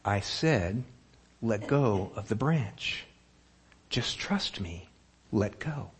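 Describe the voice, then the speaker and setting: A preacher voicing God as calm and unhurried, speaking low and steady to a frightened man. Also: a little hiss or hum.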